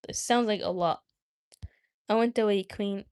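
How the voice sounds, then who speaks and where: A woman's voice: mid-range voice, unhurried, a little mellow, clear, resonant tone. A young woman chats with her stream viewers in a loose, rambling way. She often stops mid-sentence and starts over, sounding like a talkative host. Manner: rambling, self-interrupting, chatty. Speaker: livestream host. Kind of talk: casual chat with viewers.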